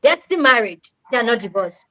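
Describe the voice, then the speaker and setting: A woman's voice: on the high side, animated, a little fast, pushed and bright, muffled recording. A young adult woman, not a native English speaker, earnestly telling a personal story in a casual chat and repeating key words for emphasis.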